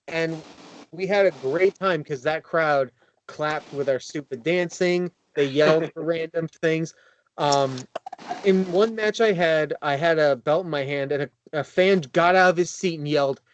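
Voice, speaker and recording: A man who wrestles, talking excitedly in a casual roundtable, full of fillers and restarts. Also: on the high side, normal speed, a little hiss or hum, rough recording.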